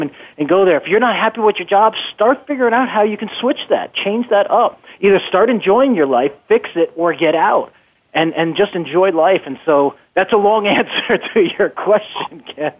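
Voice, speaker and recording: A man telling his life story as an interview guest, earnest and often repeating words as he thinks. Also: high voice. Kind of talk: phone-in radio interview. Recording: tinny phone line.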